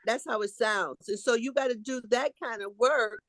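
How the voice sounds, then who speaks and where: A woman's voice: a little high, moderate pace, a bit bright, no echo. A woman hosting a group video call, coaching the others and animatedly acting out the voice of resistance.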